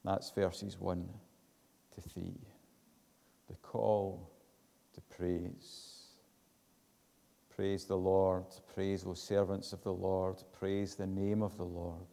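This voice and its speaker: A man preaching a sermon, slow and measured, building to emphatic declarations. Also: low-pitched, monotone, gravelly, dark tone, in a large hall.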